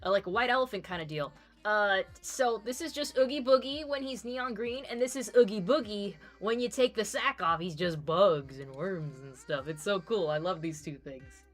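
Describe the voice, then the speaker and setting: A woman's voice: medium pitch, moderate pace, few pauses, faint music behind. A young adult woman streamer chatting casually, teasing her guests and reading viewer comments aloud. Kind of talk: casual chat on a crochet and gaming stream.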